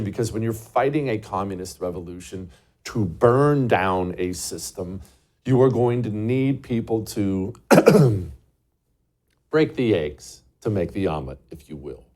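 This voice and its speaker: A man's voice: on the low side, darkish tone. A man hosting a show, delivering a scornful, emphatic political commentary monologue full of rhetorical questions. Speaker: show host.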